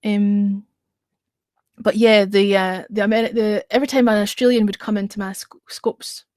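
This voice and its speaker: A woman's voice: mid-range voice, little pitch movement, moderate pace, darkish tone, no echo. A woman hosting a late-night livestream, chatting in a giggly way with lots of fillers, sleepy and close to slurring. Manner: giggly, chatty, tells stories with filler words. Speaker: livestream host. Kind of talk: casual chat.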